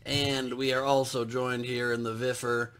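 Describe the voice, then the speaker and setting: A man's voice: mid-range voice, flat delivery, normal speed, a bit bright, clear, resonant tone. A man hosting a comedy show over a video call, teasing and introducing guests with jokes. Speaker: podcast host. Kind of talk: casual comedic banter.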